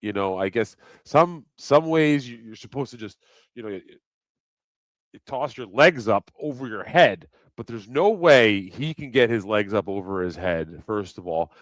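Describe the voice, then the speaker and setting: A man hosts his live stream in a loose, rambling chat, cursing freely and joking with viewers. His voice is deep and his delivery unhurried. The sound is dry and close, with no room echo. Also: lively intonation. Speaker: livestream host. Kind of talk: casual livestream chat.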